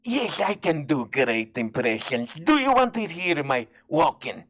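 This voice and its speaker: A man putting on a gruff, accented older male philosopher who talks in a halting, blunt, insulting way. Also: a little high, big pitch swings, a bit bright, heavily acted. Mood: pompous.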